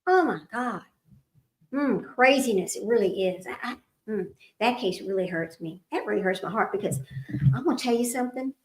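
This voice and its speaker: A woman's voice: mid-range voice, lively intonation, moderate pace. A woman hosting a trivia livestream, chatting casually with viewers and often laughing at herself as she rambles. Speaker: livestream host running trivia. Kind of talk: casual chat with live viewers. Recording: roomy echo.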